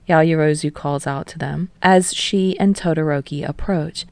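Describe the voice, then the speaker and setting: Gravelly low woman reading fan fiction. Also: measured pace, a little mellow, no echo. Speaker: podfic reader.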